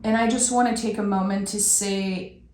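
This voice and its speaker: A woman giving an intuitive tarot reading, talking softly and emotionally, drawing her phrases out. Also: medium pitch, steady tone, echoey room, a little hiss or hum. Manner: slow, soft and emotional, with drawn-out phrases. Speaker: tarot reader.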